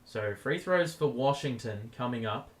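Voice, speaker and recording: A man hosting a live watchalong stream, calling the game play by play in a casual way, his voice going hoarse and getting loud over big plays. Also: mid-range voice, lively intonation, unhurried. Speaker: stream host.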